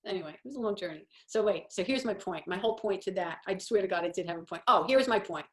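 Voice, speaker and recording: A woman's voice: mid-range voice, quick pace, fairly bright tone. A woman in her fifties hosting a casual coffee-talk monologue, telling stories in a rambling, self-deprecating way. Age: 50s. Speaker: host.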